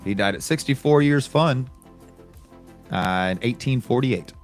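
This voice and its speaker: A man of ordinary pitch co-hosts a relaxed podcast, running through this day's history items in a conversational way. He tosses in offhand comments as he reads, and a little music plays faintly underneath. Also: unhurried. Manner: reads daily history items, chatty asides. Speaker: podcast co-host. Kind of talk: casual chat.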